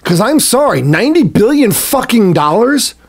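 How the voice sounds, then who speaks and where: A man's voice: extremely high pitch, sing-song, moderate pace. A man co-hosting a satirical podcast, swearing freely and ranting with crude humor. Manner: profane, ranting, crude jokes. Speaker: podcast co-host. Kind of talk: casual satirical chat.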